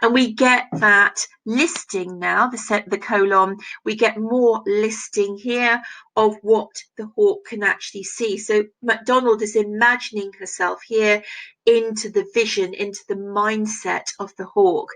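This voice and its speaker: A woman teaching a recorded remote lesson, her voice slightly gravelly. She walks through a text line by line, stopping to ask "isn't it?" as she explains. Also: medium pitch, measured pace, a bit bright, rough recording. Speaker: English teacher. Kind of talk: recorded distance-learning lesson.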